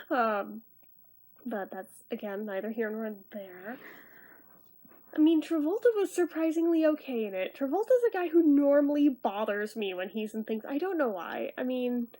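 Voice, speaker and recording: A woman in her thirties, tired and half awake, rambling quietly through a casual late-night movie review. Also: high voice. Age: 30s. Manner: rambling, talking quieter than normal.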